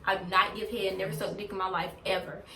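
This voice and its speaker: A woman's voice: medium pitch, little pitch movement, quick pace, bright, forceful tone, slight background noise. A woman telling a storytime on her vlog in a blunt, heavily profane, venting way. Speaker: vlogger. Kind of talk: casual storytime rant. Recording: roomy, distant from mic.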